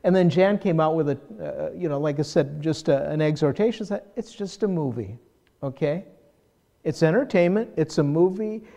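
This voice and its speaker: A man's voice: on the high side, moderate pace. Older male pastor preaching conversationally. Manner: conversational, self-deprecating, animated when mimicking. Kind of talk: sermon.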